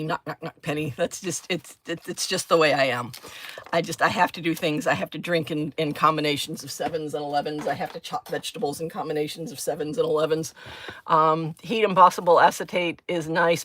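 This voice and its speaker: A woman's voice: low voice, fairly bright tone, slight background noise. A woman chatting casually on a live stream while she crafts, thinking aloud, giggling and answering comments from her chat.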